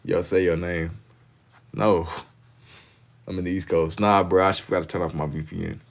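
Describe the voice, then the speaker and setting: Young guy streaming, real low voice, chill slangy banter w chat. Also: little pitch movement, normal speed, gravelly. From Kentucky. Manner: laid-back slang-heavy banter, reading and answering chat. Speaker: livestreamer. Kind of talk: casual chat with live viewers while drawing.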